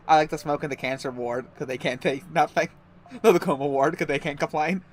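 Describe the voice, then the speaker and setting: A man's voice: a little high, fairly even intonation, brisk, a little hiss or hum. A man chatting casually on a game stream, rambling through tangents with laughs and crude jokes. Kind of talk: casual chat over a game.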